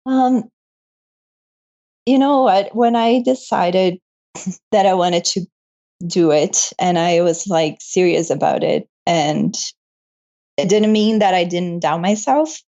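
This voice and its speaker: A woman's voice: lowish voice, takes it slowly, pauses often, highs cut off. Laughing, emotional young woman storyteller. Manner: emotional, laughs often, animated retelling. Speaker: guest, medical student. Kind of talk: casual interview storytelling.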